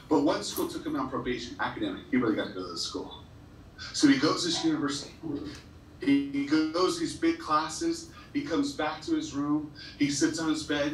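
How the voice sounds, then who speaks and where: Speaking to a school assembly in a big hall or gym, a man on the high side with a slightly bright tone delivers an earnest motivational speech built on emotional stories. Moved at times, he stumbles and repeats phrases. A distant, echoey recording carries a little hiss or hum.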